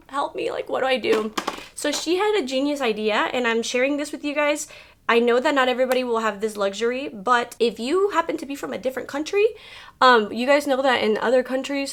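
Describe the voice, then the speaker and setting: A woman's voice: sits high, fairly bright tone. A woman in her thirties from Mexico, talking candidly in a personal vlog, full of "like" fillers and close to tears at times. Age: 30s. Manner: chatty and candid, many "like" fillers; emotional, fighting back tears. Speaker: beauty vlogger.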